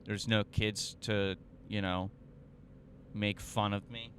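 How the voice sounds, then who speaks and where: A man's voice: on the low side, level tone, slow pace, slight background noise. A young man telling a story on his podcast, profane and self-mocking, rambling with fillers and restarts. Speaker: podcast host. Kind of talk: casual storytelling monologue.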